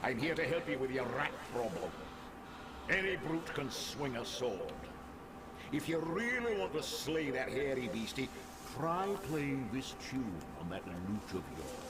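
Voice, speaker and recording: A man's voice: medium pitch, big pitch swings, measured pace. An actor playing a folksy old male mentor in a video game, coaxing and fatherly, calling the hero laddie. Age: older. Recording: game audio under loud noise.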